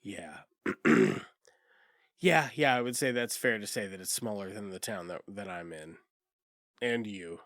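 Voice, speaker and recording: A man's voice: on the low side, big pitch swings, unhurried, long pauses, fairly bright tone, no room sound. Male podcast co-host, casual movie chat, swears and laughs a lot, dry close mic. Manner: profane, laughs often, acts out characters.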